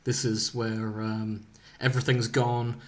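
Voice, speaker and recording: A man's voice: lowish voice, level tone, takes it slowly. Man retelling a story with dry humor. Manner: playful storytelling, dry jokes. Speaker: podcast co-host reading a fan story. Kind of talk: casual comedic chat.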